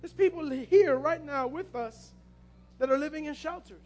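A man's voice: very high voice, moderate pace, a little mellow. A man preaching a passionate sermon as pastor, repeating his key phrases.

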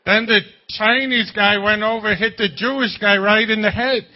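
A man's voice: sits high, steady tone, moderate pace, dull audio. A man preaching a sermon as pastor, talking in a conversational way with jokes and rhetorical questions.

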